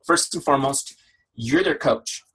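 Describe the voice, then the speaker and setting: A man leading a team training call on a video call, energetic and conversational, peppering his talk with rhetorical questions. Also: mid-range voice, moderate pace, slight background noise, poor audio. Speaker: network marketing trainer. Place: home office shed.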